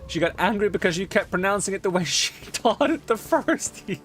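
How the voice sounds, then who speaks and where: A man's voice: high-pitched, lively intonation, a little fast, a bit bright. Chatty young man streaming a game. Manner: rambling, chatty, laughs often. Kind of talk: casual chat while playing. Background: game music.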